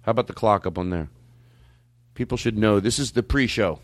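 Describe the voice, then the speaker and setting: A man chatting in a studio before a podcast, excitable and teasing the guests. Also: fairly low pitch, brisk, no room sound. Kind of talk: casual banter.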